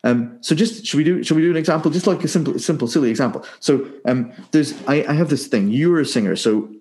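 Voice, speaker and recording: A man's voice: fairly high pitch, fast. A man, a singing coach explaining casually with lots of rhetorical questions. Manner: animated, rhetorical questions, sings vocal warm-up syllables.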